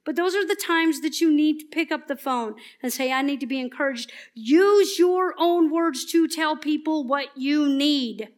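High-voiced, passionate woman preaching. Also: a little slow, few pauses. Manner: passionate and emphatic, growing soft and earnest. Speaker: church speaker. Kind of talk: sermon.

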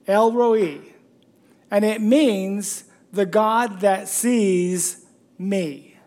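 A pastor preaches in an easy, conversational way, joking along and tossing questions out to the listeners. The voice sits at a middling pitch. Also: darkish tone. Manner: chatty and joking, asks the congregation questions. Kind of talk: conversational sermon.

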